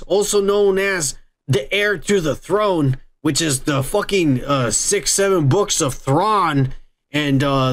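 A man's voice: high voice, fairly bright tone. A man hosting a podcast in casual chat, ranting and cursing freely. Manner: profane, ranting. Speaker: podcast host.

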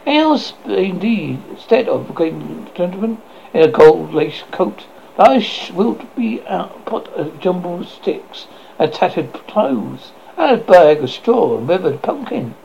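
Old witch woman, cackling and doting, put on by a male reader; gravelly, sharp, swooping pitch. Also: very animated, takes it slowly, full character voice. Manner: sharp high tone. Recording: dull lo-fi with faint noise.

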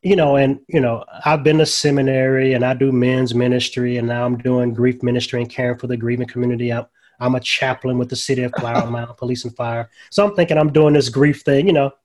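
A man's voice: medium pitch, fairly even intonation, fast talker, darkish tone. Older male chaplain guest, folksy storyteller, mid-range voice, conversational. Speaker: guest, grief ministry chaplain. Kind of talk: casual storytelling.

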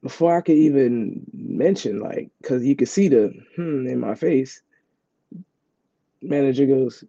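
Husky man with a very dark voice. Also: mid-range voice, measured pace, dry recording. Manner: rambling, repeats himself, fillers like "like". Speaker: vlogger. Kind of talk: casual storytelling. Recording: dull, dry lo-fi sound.

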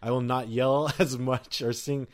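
A man's voice: medium pitch, steady tone, unhurried. A man co-hosting a podcast in casual chat, playful and laughing often, tripping over his words. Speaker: podcast co-host.

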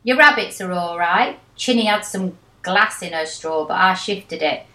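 A woman reading as a calm wartime father. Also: on the low side, measured pace. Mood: matter-of-fact. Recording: echoey room.

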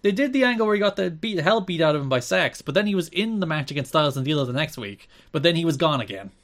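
A man co-hosting a podcast in casual chat, animated and given to playful mock outrage. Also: a little high, fast talker. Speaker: podcast co-host.

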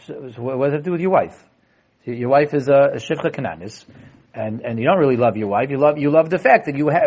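A young man teaching a lively Torah class, animated, often restarting his sentences and acting out quotes. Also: medium pitch, fast, slightly rough. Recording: dull lo-fi classroom recording.

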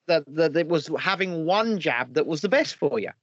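A man's voice: on the high side, lively intonation, moderate pace, a bit bright, no echo, lo-fi sound. A man hosting a casual podcast chat, joking loosely and swearing. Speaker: podcast host.

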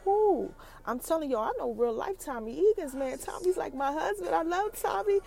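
A woman's voice: sits high, poor audio. Chatty woman podcast host. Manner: animated, chatty, addresses listeners as y'all. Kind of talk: casual TV episode recap.

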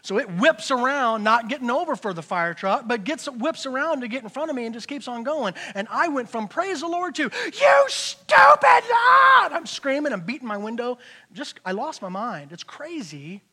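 Middle-aged man, pastor, sermon, high voice, bright tone, animated storytelling, loud to hushed. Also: a little fast, slightly rough.

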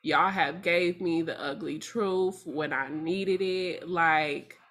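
A woman's voice: on the low side, takes it slowly, fairly bright tone. A woman co-hosting a podcast, speaking heartfelt and emphatic with slang. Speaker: podcast co-host. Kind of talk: casual chat.

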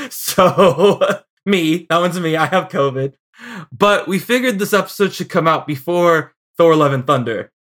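A man co-hosting a podcast in casual chat, hoarse from illness, joking and laughing often. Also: on the high side, a bit bright. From Chicago. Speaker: podcast co-host.

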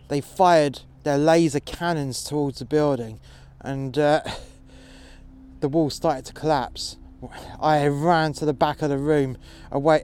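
A man narrating a first-person action story in a low-key, dramatic way with a lot of swearing. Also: dark tone, clear, resonant tone.

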